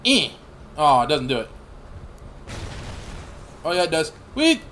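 A man in his thirties rambles through live gameplay commentary, swearing freely and bursting into excited yells. His voice sits a little high for a man. A faint hiss of noise runs under the recording. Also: unhurried. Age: 30s. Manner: rambling, profane, excitable outbursts. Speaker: gaming channel host.

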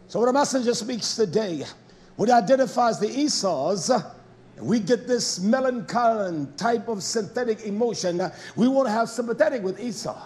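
A man's voice: high-pitched, animated, normal speed, darkish tone. A man preaching a fiery, confrontational sermon, scolding his listeners and firing rhetorical questions at them.

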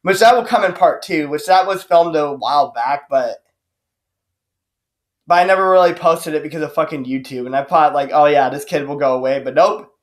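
A man's voice: fairly high pitch, animated, normal speed. A man, a YouTuber, ranting in a vlog, cursing and sarcastic, rambling with restarts. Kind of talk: profane angry rant vlog.

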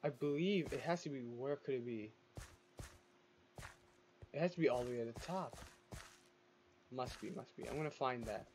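A man's voice: medium pitch, moderate pace, long pauses, noisy background. A man giving casual gameplay commentary, chatty, talking back to the game's creatures and laughing now and then. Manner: chatty, talks to the game's mobs, exclaims and laughs.

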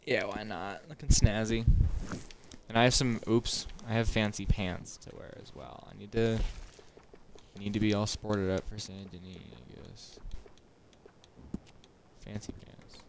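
A man's voice: on the low side, fairly even intonation, moderate pace, creaky, a little hiss or hum. A young man casually chatting and rambling to himself as he plays a video game, as a gaming streamer. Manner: chatty, rambling, self-talking while playing. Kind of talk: casual let's-play commentary.

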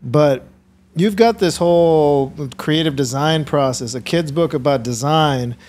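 Host, man, 30s, casual and animated, voice on the higher side. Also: a little slow. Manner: animated storytelling, acts out his own reactions. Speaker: podcast host. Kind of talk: casual interview chat.

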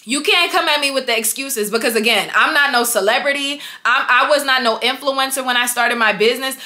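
A young businesswoman vlogs quickly in a high, bright, forceful voice. Addressing viewers as y'all, she urges them on with emphatic, repeated motivational lines.

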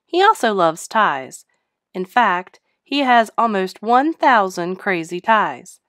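A woman teacher reading a children's picture book aloud in an expressive, sing-song storytelling voice, close to the mic. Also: medium pitch, slow, no echo.

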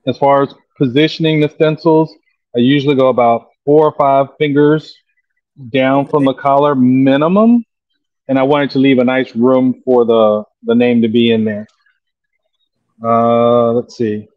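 An unhurried man talks through his airbrush work as he goes, pausing often with ums. His voice sounds dull and muffled. The room gives back almost no echo. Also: mid-range voice, steady tone. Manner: slow, easygoing, lots of ums. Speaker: airbrush artist. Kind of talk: demonstrating while explaining.

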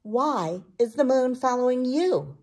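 Woman doing accusing scientists in a storybook, gravelly voice. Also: high-pitched, lively intonation, a little slow, a little mellow, voice pushed up, full character voice. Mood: indignant. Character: fussy, suspicious group of astronomers.

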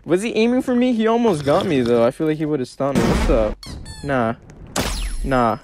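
A young man giving casual gameplay commentary, slangy and excitable, trash-talking other players as he plays. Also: on the high side, moderate pace, noisy background. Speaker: gaming video creator.

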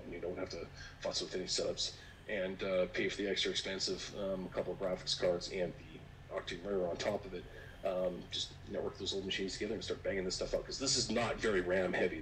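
A man presenting casually on a video call, relaxed and rambling with many fillers. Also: deep voice. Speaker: 3D artist presenter. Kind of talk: casual online meetup chat. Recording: distant mic with faint noise.

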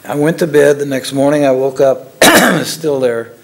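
An older man, a former lab technician, telling his story in a casual, halting way with frequent chuckles. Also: medium pitch.

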